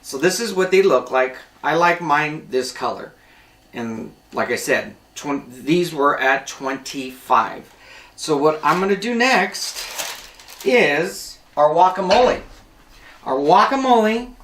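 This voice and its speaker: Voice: medium pitch, animated, unhurried, a bit bright, distant mic. Casual home-cooking host, chatty and rambling, standing away from the mic in an echoey kitchen. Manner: chatty, rambling, self-correcting.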